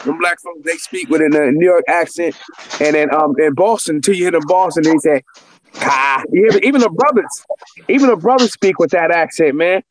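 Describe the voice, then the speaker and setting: A man, hosting a loose conversation. His voice sits high for a man, and he talks in emphatic bursts, circling back on his words. It is an easygoing, animated chat delivery. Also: a little fast. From Northern California. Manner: animated, repeats himself, emphatic. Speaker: host. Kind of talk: casual chat.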